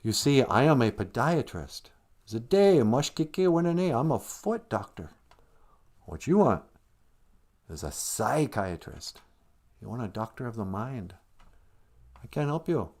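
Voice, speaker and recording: A man voicing a calm, polite male foot doctor who patiently turns a patient away in a joke. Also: medium pitch, a little slow, pauses often. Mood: regretful. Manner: patient, apologetic.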